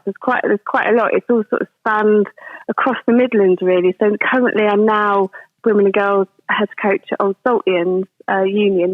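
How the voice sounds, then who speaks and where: A woman's voice: mid-range voice, no echo. A woman in her forties, a rugby coach, answering podcast questions in a chatty, rambling way with many ums and restarts, heard over a phone or call line. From England. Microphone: phone or video call. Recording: tinny phone line, dry.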